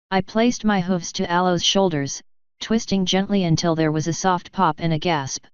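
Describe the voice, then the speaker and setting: A woman narrating a fanfiction audiobook in an even, clear read-aloud manner. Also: on the low side, moderate pace, no room sound, highs cut off. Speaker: fanfiction reader.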